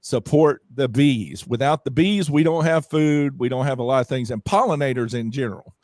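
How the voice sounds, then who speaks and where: A man's voice: mid-range voice, moderate pace, darkish tone, no room sound. A man, a festival organizer chatting enthusiastically as a guest, repeating phrases as he promotes. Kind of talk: casual interview chat.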